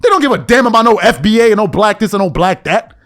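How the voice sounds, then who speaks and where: A man's voice: high-pitched, expressive, quick pace, a bit bright. A man hosting a podcast, venting in a heated, repetitive, emphatic rant straight to the audience. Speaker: podcast host.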